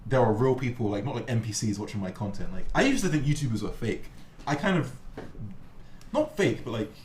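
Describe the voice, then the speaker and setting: Brisk and mid-range in pitch, this young host is an animated storyteller who performs the voices of his characters. It's a casual chat captured in an echoey room, with a bit of background noise.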